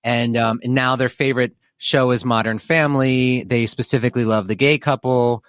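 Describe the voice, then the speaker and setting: A man's voice: mid-range voice, steady tone, normal speed, clear, resonant tone, no echo, studio quality. A man hosting a podcast who chats in an upbeat way and tells stories freely. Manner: upbeat, chatty storyteller. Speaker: podcast host. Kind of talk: casual interview chat.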